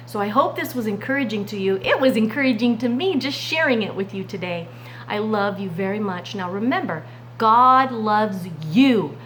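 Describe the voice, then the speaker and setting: A woman Sunday school teacher telling a Bible story to children in an expressive way. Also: mid-range voice, moderate pace, slight background noise, rough recording. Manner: expressive, warm addresses to "friends".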